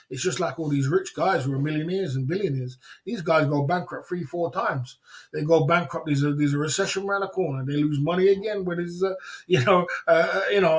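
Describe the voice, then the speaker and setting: A man hosting a livestream, giving a blunt, repetitive motivational rant with slang and laughing asides. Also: on the high side. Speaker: livestream host. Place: indoors in Thailand.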